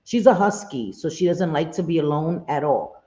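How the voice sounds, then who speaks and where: A woman's voice: low voice, animated, normal speed, mellow. A middle-aged woman chatting casually on a live stream, laughing often, cursing freely and answering her viewers directly. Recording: roomy, slightly dull sound.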